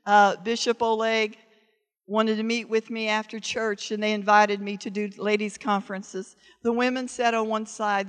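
A middle-aged woman preaching a sermon with impassioned fervor that builds to loud, urgent declarations. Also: medium pitch, clear, resonant tone. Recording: long reverb of a large hall.

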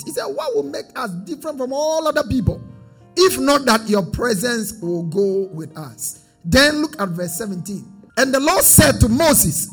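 A man's voice: high voice, creaky, a bit bright, breathy edge. A man preaching a sermon as pastor, drifting into a sing-song cadence and calling for the congregation to repeat after him.

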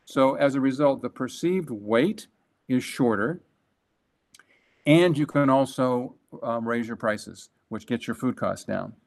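Speaking as a guest, a man who used to be a franchise executive shares a business anecdote in conversation. His medium-pitched voice has a creaky quality, and his delivery is emphatic and lively, full of quick restarts.

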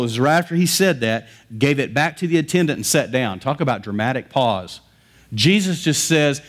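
A man preaching a sermon, with a conversational, animated storytelling manner. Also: fairly high pitch. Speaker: pastor.

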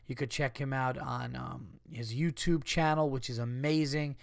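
A man's voice: mid-range voice, steady tone, normal speed, vocal fry, no room sound, studio quality. A man in his thirties with an American accent, hosting a podcast in a casual comedic monologue, ranting and swearing with exasperation. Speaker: podcast host.

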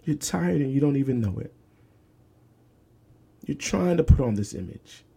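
Gravelly man preaching in whispers and swells. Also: medium pitch, expressive, moderate pace, warm tone. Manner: emphatic, repeats phrases, dips to whispers. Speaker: podcast host. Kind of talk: preaching-style podcast talk.

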